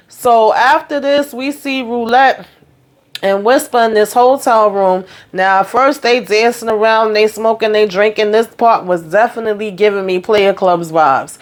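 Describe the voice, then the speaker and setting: A woman's voice: mid-range voice, a little slow. A woman giving a casual TV show recap, talking bluntly and chattily with plenty of profanity. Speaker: TV recap vlogger.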